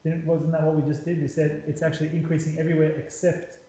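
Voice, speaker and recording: Male maths tutor with a slightly high voice, talks while sketching graphs, echoey room. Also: monotone, fast talker, warm tone. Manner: talks while drawing, repeats words, quizzes the student. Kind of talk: whiteboard calculus lesson.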